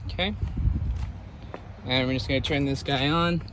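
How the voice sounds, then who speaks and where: Casting note: a man, mechanic type, mid-pitched, easygoing repair instructions, steady noise in the background of the shop. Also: normal speed. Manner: relaxed step-by-step instruction. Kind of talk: hands-on repair walkthrough.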